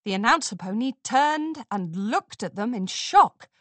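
A woman narrating a children's storybook in an expressive, unhurried reading. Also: on the high side, no room sound.

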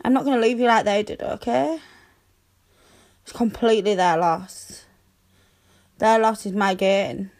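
A young woman in a girlfriend comfort audio role-play, speaking in a soothing, tender, reassuring way with soft hushing. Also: medium pitch, a little slow, pauses often.

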